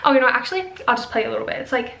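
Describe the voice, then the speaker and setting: Bubbly high-voiced young woman vlogger. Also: animated, very fast, vocal fry, roomy sound, poor audio. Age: young adult. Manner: bubbly, self-mocking, rambling with lots of "like". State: sleepless late at night. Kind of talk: casual vlog chat. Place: bedroom, then a room with a piano.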